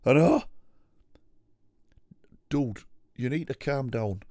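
A man doing an excitable male telly cook in a squeaky voice pushed well above his own. He gets sarcastic and loud, and swears a lot. The recording is dry and close. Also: slow pace, no room sound. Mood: indignant. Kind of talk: comic impression.

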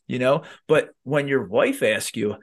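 A man's voice: mid-range voice, measured pace. A man hosting a casual podcast conversation. He talks loosely and animatedly, full of fillers and restarts, and slips into little acted-out quotes as he tells his stories. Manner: animated storytelling, acts out quotes with lots of fillers. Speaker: podcast host.

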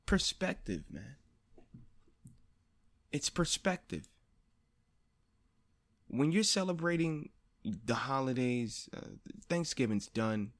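A man's voice: expressive, slow, long pauses. Blunt, swearing man on a podcast. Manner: blunt, swears often, repeats phrases for emphasis; grows louder and higher when stressing a point. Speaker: podcast host. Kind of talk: personal monologue.

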